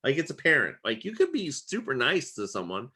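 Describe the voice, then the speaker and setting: A man teaching a casual real estate exam lesson, chatty and full of fillers like "okay", his voice getting worn and hoarse. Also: medium pitch, wildly swooping pitch, fairly quick, sharp tone. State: losing his voice.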